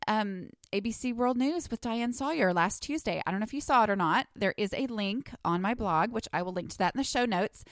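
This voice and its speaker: A woman's voice: mid-range voice, no room sound, studio quality. A woman from Texas hosting a casual solo podcast at home, chatty and rambling with frequent "um"s. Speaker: podcast host. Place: at home, in a cold house.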